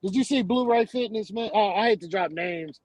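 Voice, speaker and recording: A man's voice: high voice, brisk, a loud crowd, low-quality recording. A man hosting a casual sports talk show, talking emphatically in a ranting way and ending many lines with "man".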